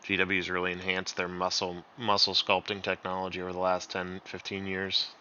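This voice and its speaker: A man co-hosts a casual chat with a lively, animated delivery and frequent laughter. His voice sounds strongly bright and forward. The recording is dry and slightly dull. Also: sits low, a little fast, smooth, no room sound. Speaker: co-host.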